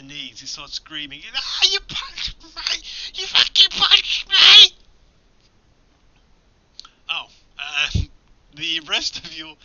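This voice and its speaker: Guy running a tabletop game, sharp bright voice, a bit high, muffled lo-fi sound. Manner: loose, sweary, often laughing. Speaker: game master. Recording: dull lo-fi recording.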